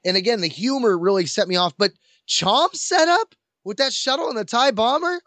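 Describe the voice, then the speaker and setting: A keen man with a high voice talks about an episode with open enthusiasm, often stumbling over fillers and restarts. The recording is dry and close, with no room sound. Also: expressive, moderate pace, bright, forceful tone, no echo. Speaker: podcast co-host. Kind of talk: casual discussion.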